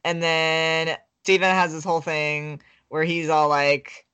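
A woman's voice: low-pitched, steady tone, slow, fairly bright tone, clean tone. A woman co-hosting a podcast, casually recapping a book in a rambling way with lots of filler words. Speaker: podcast co-host. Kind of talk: casual chat summarizing a book.

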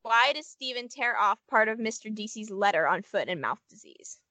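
Bright-voiced young woman, chatty. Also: fairly high pitch, animated, normal speed, no echo. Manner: rambling, many "like" fillers. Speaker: podcast co-host. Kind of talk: casual chat.

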